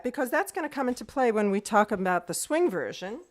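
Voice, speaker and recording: A woman's voice: on the high side, very animated, fairly quick. A woman teaching an online group music lesson over a video call. She explains step by step, counts beats aloud and sings rhythm syllables to show them.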